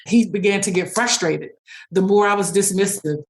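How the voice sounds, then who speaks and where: A woman speech-language pathologist answering interview questions, telling stories quickly with fillers and restarts and acting out bits of dialogue. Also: mid-range voice. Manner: storytelling, acts out dialogue.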